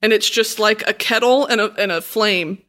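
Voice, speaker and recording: A woman from Texas hosting a casual interview, chatty and playful with quick questions. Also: medium pitch, pushed and bright. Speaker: podcast host.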